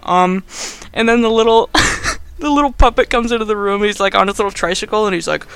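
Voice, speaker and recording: Bright, high-voiced man rambling sarcastically. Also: fairly quick, creaky, smooth. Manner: rambling and sarcastic, heavy on fillers. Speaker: podcast host. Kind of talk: casual movie recap.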